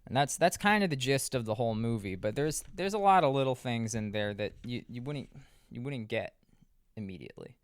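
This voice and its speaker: A man's voice: medium pitch, lively intonation, brisk, clean tone, dry recording, clean studio sound. A man hosting a podcast, recapping a movie in a loose, rambling way with lots of restarts, fillers and profane asides. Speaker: podcast host.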